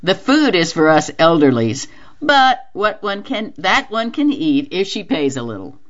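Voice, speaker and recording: A woman voicing a gentle, chatty elderly mother who talks in soft, simple, homely phrases, heard on a dull lo-fi radio reading. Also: on the low side, big pitch swings, measured pace. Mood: fond.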